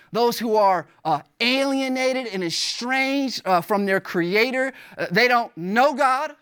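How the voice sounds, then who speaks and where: A pastor delivering a sermon in an earnest, emphatic way. The voice returns to key phrases again and again and fills pauses with "uh". Pitch and loudness swing widely as points are pressed home. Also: smooth. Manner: emphatic preaching with repeated phrases and frequent "uh" fillers.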